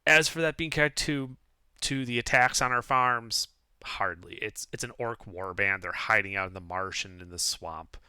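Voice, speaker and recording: A man's voice: fairly low pitch, normal speed, sharp tone, clear, resonant tone, dry recording, clean studio sound. A man voicing a bored human tax collector who answers curtly and dismissively.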